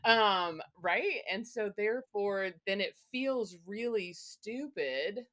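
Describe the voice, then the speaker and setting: A woman's voice: mid-range voice, animated, slow, a bit bright. An older woman, a grandmother, co-hosting a podcast in casual chat, speaking emphatically and with strong opinions. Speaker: podcast co-host.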